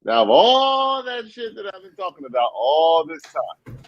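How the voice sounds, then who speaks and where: Boastful, animated male crypto guest. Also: on the high side, unhurried, highs cut off. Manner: boastful, animated, laughing at rivals. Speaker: guest analyst. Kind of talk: casual crypto livestream chat.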